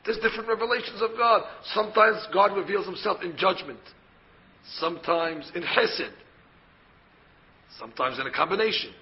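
A rabbi teaching a Torah class speaks in a high-pitched voice at normal speed. He explains the material by posing questions and then answering them himself. The sound quality is lo-fi.

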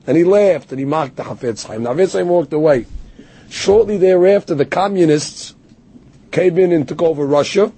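A rabbi teaching a Torah class speaks in a fairly high, husky, dark-toned voice at a moderate pace. He tells stories, quotes Hebrew verses and explains them, and handles a heckler with self-deprecating humor.

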